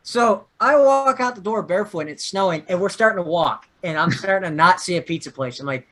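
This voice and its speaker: A man's voice: high-pitched, brisk. A man from Florida co-hosting a podcast, telling an anecdote in casual chat and imitating the people in it. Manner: expressive, mimics people in his stories. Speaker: podcast co-host.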